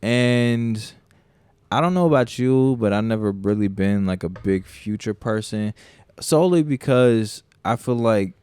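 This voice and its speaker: A man co-hosting a podcast, telling stories in casual, profane, animated chat. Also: on the low side, a little slow, clear, resonant tone, dry recording. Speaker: podcast co-host.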